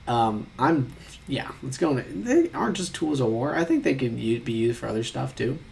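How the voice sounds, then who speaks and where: A man's voice: mid-range voice, animated, moderate pace, gravelly, darkish tone, slight background noise. Chatty young man rambling over quizzes. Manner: chatty, rambling, mock-outraged asides. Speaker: YouTuber taking online quizzes. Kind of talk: casual chat reading quiz questions aloud.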